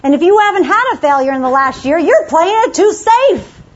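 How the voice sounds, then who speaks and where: Woman motivational speaker, high-pitched and emphatic, urging her audience on; dull, muffled recording. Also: very animated, brisk. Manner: emphatic, exhorting, repeats short commands. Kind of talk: motivational talk to a live audience.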